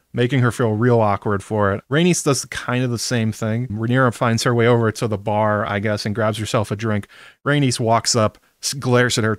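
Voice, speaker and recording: A man's voice: fairly low pitch, no room sound, clean studio sound. A man casually chatting on a live stream, recapping an episode, often breaking off mid-sentence and laughing.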